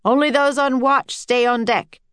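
Ship captain, commanding, loud orders, read by a woman. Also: medium pitch, expressive, moderate pace, clear, resonant tone, dry recording, voice pushed up, natural voice. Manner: shouting orders.

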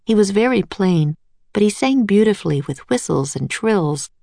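A woman reading a children's storybook aloud as narrator, in an even, clear read-aloud manner. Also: mid-range voice, normal speed, no room sound.

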